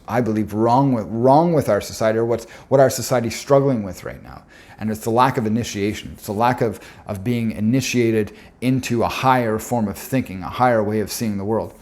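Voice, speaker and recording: A man giving a presentation, telling a personal story in an earnest, reflective way with frequent filler pauses. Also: fairly low pitch, a little mellow.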